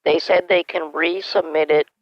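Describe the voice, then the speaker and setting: A man's voice: a little high, steady tone, normal speed, no echo, voice pushed up, close to an everyday voice. A man voicing a confused, rambling older woman on a phone call, playing along with a scammer. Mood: dithering. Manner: hesitant, rambling, easily confused. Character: flustered older woman scam-call target. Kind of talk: scambaiting phone role-play.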